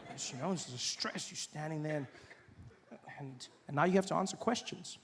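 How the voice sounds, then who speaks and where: A man performing a stand-up comedy routine on stage before a live audience, animated and mocking as he acts out little scenes. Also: on the high side, moderate pace, a little hiss or hum.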